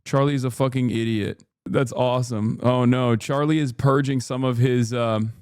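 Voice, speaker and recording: A man's voice: mid-range voice, fairly even intonation, moderate pace, darkish tone, smooth, no room sound, clean studio sound. A man ranting on a live stream, profane and heated, mocking others by putting on voices for their quotes. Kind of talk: live stream reaction rant.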